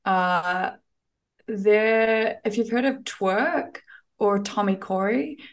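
A woman's voice: medium pitch, takes it slowly. Chatty, upbeat woman telling trail stories. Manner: chatty, enthusiastic, many ums and restarts. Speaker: podcast guest, thru-hiker. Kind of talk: casual conversational storytelling.

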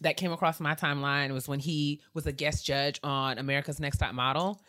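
A woman's voice: low voice, brisk. A woman co-hosting a podcast in casual chat, telling stories with playful asides. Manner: lively storyteller, playful asides. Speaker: podcast co-host.

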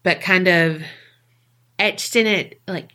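A woman's voice: on the low side, slow, sharp tone. A woman co-hosting a podcast, telling a spooky story in a chatty, casual way and swearing freely. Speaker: podcast co-host.

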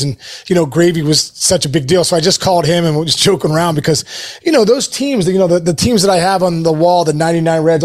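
An excited man in his forties speaks in a casual interview with a slightly raised pitch. His talk rambles with restarts and fillers, but his enthusiasm carries it. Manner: rambling, many restarts and "you know" fillers; enthusiastic, emotional. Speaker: interview guest, baseball hitting coach.

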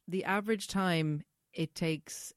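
A woman co-hosting a podcast, chatting casually about films with wry, deadpan humor. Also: on the low side, slow pace, clear, resonant tone, no room sound, clean studio sound. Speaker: podcast co-host. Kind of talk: casual film chat.

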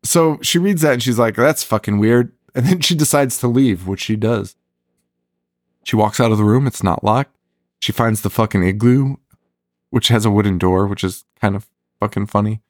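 A man's voice: medium pitch, no echo, clean studio sound. Laughing, swearing man recapping a horror film. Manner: animated, profane, laughs often while retelling scenes. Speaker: podcast co-host. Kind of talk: casual movie recap chat.

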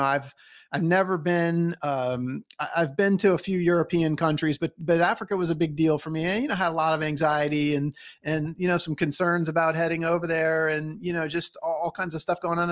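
A man's voice: on the high side, fairly bright tone. A man hosting a podcast interview, telling a story eagerly and acting out the voices of people he quotes. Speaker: podcast host.

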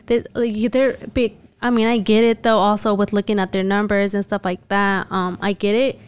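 Chatty Mexican-born young woman, smooth voice. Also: mid-range voice, moderate pace. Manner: animated, chatty, laughs often. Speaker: podcast guest. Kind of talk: casual chat.

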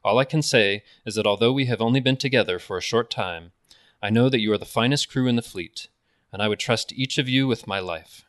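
A man's voice: medium pitch, brisk, fairly bright tone, no room sound, studio quality, natural voice. A man doing an impression of a commanding older male starship captain, giving a formal, earnest speech. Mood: earnest, rallying.

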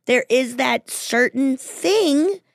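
A woman's voice: sits high, animated, takes it slowly, vocal fry, no echo, studio quality. A woman guesting on a podcast, telling laid-back stories and swearing casually. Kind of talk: casual chat.

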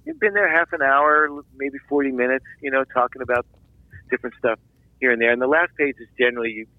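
A man from Philadelphia, a filmmaker guest, telling a long anecdote in an animated interview, with restarts and asides. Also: medium pitch, fast talker, no echo, narrow, tinny audio. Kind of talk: storytelling interview.

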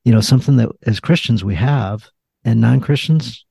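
Gravelly, husky man hosting a podcast. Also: mid-range voice, warm tone, no echo, studio quality. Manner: halting, leans on "you know". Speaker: podcast host. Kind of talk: casual faith conversation.

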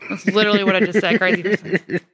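A woman's voice: medium pitch, steady tone, quick pace, fairly bright tone, dry recording, studio quality. A woman from Mississippi with a Southern accent, co-hosting a casual chat podcast and telling stories in a self-deprecating, chatty way. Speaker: podcast co-host and storyteller.

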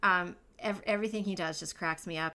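A woman co-hosting a podcast in casual chat, enthusiastic and quick to laugh. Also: lowish voice, pushed and bright. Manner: enthusiastic, laughs often, trails off and restarts. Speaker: podcast co-host.

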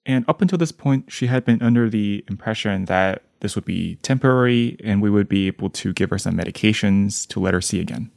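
Low gravelly young man, dry and close. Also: a little mellow, no room sound. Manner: measured, prepared phrasing. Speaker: medical trainee host. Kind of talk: interview question.

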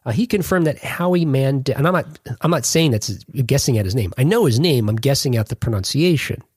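A man's voice: medium pitch, animated, brisk, darkish tone, husky, dry recording, studio quality. A man hosting a podcast in casual chat, rambling and correcting himself as he jokes along. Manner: rambling, self-correcting, jokey. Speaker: podcast host.

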